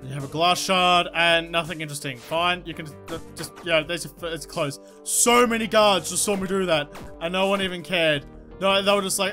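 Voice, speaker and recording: A woman giving excitable, swear-filled let's-play commentary, talking to herself and the game. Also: on the low side, brisk. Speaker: gaming YouTuber. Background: game music.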